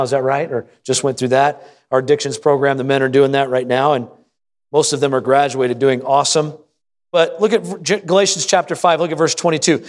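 Man preaching a sermon, somewhat high voice. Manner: preaching with call-and-response to the congregation; reads scripture aloud and acts out an anxious prayer. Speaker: pastor.

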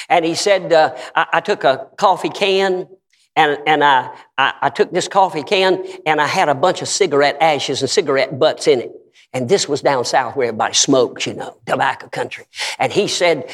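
A man's voice: fairly high pitch, normal speed. A man preaching a storytelling sermon, dramatic and vivid as he tells his stories. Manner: dramatic storytelling with voiced quotes.

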